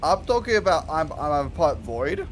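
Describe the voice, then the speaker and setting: A male player in a tabletop game who stammers and trips over his own words. His voice sits a little high, with a faint hiss of noise behind it. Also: big pitch swings, moderate pace. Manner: stammering, hesitant, repeats words. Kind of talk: tabletop game role-play.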